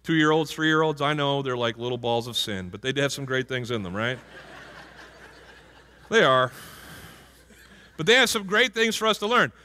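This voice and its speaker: Bright-voiced man preaching in an echoing church. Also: mid-range voice, expressive, normal speed, long pauses, a little hiss or hum. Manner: conversational, asks the congregation questions. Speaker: pastor. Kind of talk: sermon. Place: church sanctuary. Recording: hall reverb from a church.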